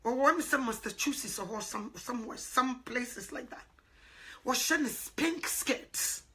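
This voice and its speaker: A woman evangelist preaches with a high, lively voice. Her tone is bright and sharp, dropping to hushed asides, then rising to loud exclaims. She breaks into laughter often as she speaks. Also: measured pace. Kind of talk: sermon.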